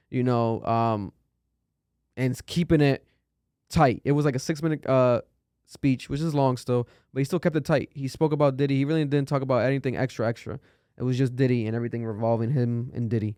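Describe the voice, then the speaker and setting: A man talks loosely on a podcast, heavy with fillers and the odd curse. His voice sounds smooth and clear, picked up dry and close on a studio mic. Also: mid-range voice, fairly even intonation, fairly quick, dark tone, no echo. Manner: loose and chatty, curses often, many fillers. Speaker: podcast host. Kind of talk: casual podcast chat.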